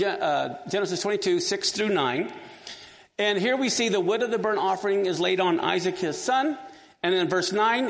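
A man teaches a Bible lesson to a class, walking them through a passage and engaging them with questions. His voice is high-pitched, gravelly, and a bit bright, carried by long hall reverb.

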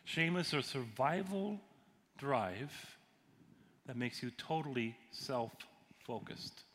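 A man's voice: medium pitch, animated, slow, a bit bright. A man who is a pastor and counselor, teaching a sermon in a conversational way and asking his audience questions. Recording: long hall reverb, faint noise.

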